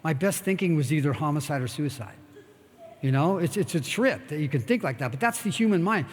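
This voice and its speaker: A man's voice: a little high, expressive, fairly quick. Blunt, profane older man in a hall. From United States. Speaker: guest speaker. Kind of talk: candid live talk with audience questions. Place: expo talk stage in a large hall. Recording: long hall reverb.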